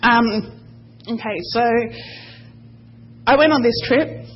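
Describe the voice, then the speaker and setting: A woman sharing a halting, emotional personal testimony with a church congregation. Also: a little high, highs cut off, slight background noise. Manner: emotional but tenacious, halting.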